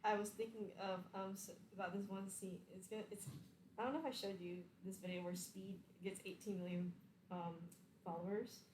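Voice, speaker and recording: A woman player in a tabletop game, chatting casually with quick, laughing asides. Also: mid-range voice, steady tone, darkish tone, a little hiss or hum. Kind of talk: casual chat and tabletop role-play. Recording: echoey room.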